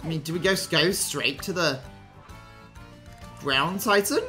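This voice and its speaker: A young man giving casual, playful commentary over a game he is playing, often gushing with excitement. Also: high voice, takes it slowly, soft background music. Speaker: let's play host.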